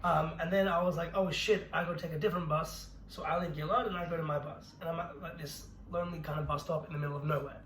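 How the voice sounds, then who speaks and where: A young man rattles through a story at high speed in a slightly raised voice, swearing and laughing as he goes. He co-hosts a casual podcast, and the room gives his voice a noticeable echo with a little background noise. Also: fairly even intonation, quick pace, few pauses, fairly bright tone. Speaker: podcast co-host. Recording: roomy echo with faint noise.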